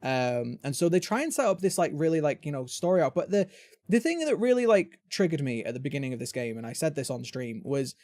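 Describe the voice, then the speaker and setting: A British man with a fairly high voice hosts a casual podcast chat. He rambles, restarts his sentences and chats along freely. The sound is dry and close, with no room around it. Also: very animated, fast, a little mellow, no room sound. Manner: chatty, rambling, self-interrupting. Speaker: podcast host.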